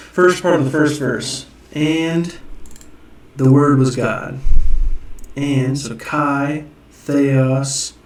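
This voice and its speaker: Casual teacher, man, gravelly and unhurried, off-mic in a roomy space, muses aloud. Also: mid-range voice, a little mellow, recorded from a distance. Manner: musing, self-correcting, thinking aloud. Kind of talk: casual screen-share lesson. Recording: echoey room, off-mic.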